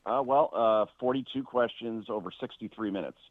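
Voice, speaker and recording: A man's voice: lowish voice, no room sound. A man calling in as a media critic on a radio show, exasperated and firing off rhetorical questions. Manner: animated, exasperated, rapid-fire rhetorical questions. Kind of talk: phone-in radio interview. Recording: tinny phone line.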